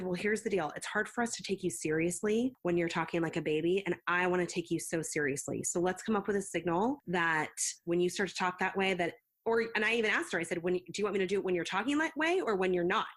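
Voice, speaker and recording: A woman's voice: fairly low pitch, fairly bright tone. A woman, a school psychologist and counselor, answering interview questions in an earnest, explanatory way, often acting out what she says to children. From United States. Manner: earnest, explanatory, acts out parent-child quotes.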